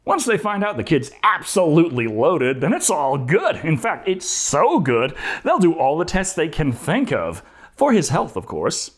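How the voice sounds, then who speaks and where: A man's voice: fairly high pitch, huge pitch swings, unhurried. A man narrating a comedic movie review in a sarcastic, jokey manner.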